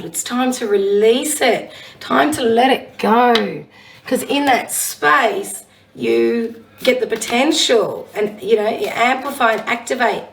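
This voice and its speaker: Husky-voiced woman reading oracle cards. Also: a little high, distant mic, a little hiss or hum, low-quality recording. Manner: chatty, warm-hearted encouragement, reads affirmations aloud. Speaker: psychic medium giving card readings. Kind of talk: casual oracle card reading.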